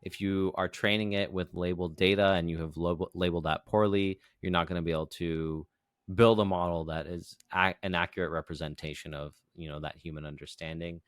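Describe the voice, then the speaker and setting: A man with a low, smooth, resonant voice co-hosts a podcast. He walks through ideas in an unhurried, casual way, checking in with "right?" as he goes. The sound is dry and close. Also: fairly even intonation, dry recording. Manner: explains patiently, leans on "you know" and "right?". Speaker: podcast co-host. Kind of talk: casual explanatory podcast chat.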